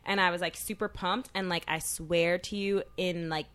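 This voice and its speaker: A woman's voice: on the low side, fairly even intonation, normal speed, a bit bright, clear, resonant tone. A woman in her twenties co-hosting a podcast, telling a personal story candidly with lots of fillers. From New York. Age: 20s. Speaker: podcast co-host. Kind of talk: casual chat.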